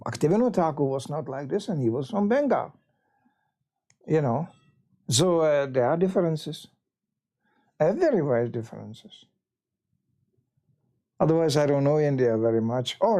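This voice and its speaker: A man giving an anecdotal temple talk as a visiting monk, an animated storyteller who acts out the voices of people he quotes. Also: mid-range voice. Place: temple hall.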